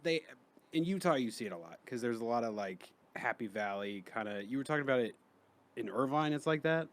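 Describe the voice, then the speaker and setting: A man's voice: mid-range voice, expressive, fairly quick. A man who is a comedian guest, telling stories in a rambling, profane way in casual podcast chat.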